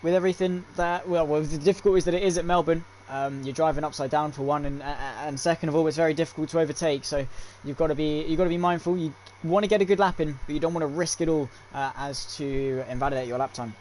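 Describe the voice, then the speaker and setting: A man's voice: fairly high pitch, steady tone, fast, hardly any pauses, darkish tone, a little hiss or hum. Upbeat male sim racing commentator. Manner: chatty, lots of fillers and restarts; upbeat play-by-play. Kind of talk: live stream race commentary.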